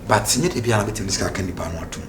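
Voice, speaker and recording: A man plays a worried young man with a deep Ghanaian-accented voice that trips over its own words. He talks fast, and steady background noise sits under the line. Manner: stammering, repeats words. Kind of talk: Ghanaian comedy drama dialogue.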